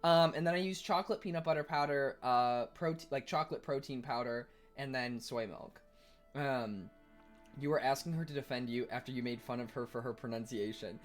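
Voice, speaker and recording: A man streaming live in a casual chat, reading viewers' messages aloud and answering them while he eats, quick to argue and defensive. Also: mid-range voice, faint music behind.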